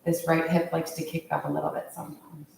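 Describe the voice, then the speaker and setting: A woman leading a yoga class, calmly cueing each pose in time with the breath. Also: low-pitched, quick pace, gravelly, a little hiss or hum. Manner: calm, steady cueing of poses with the breath. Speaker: yoga instructor. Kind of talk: guided yoga class instruction. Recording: very echoey room, voice from far off.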